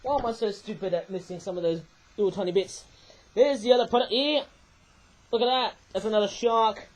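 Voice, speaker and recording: In poor audio with slight background noise, a high-pitched man reviews toys in a casual vlog. Rambling and self-correcting, he frequently ends his lines with "eh?".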